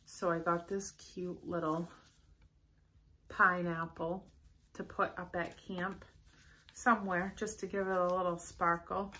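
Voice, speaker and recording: A woman's voice: lowish voice, fairly bright tone. A young woman chatting casually through a shopping haul, bubbly and rambling with enthusiasm. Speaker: vlogger showing a shopping haul.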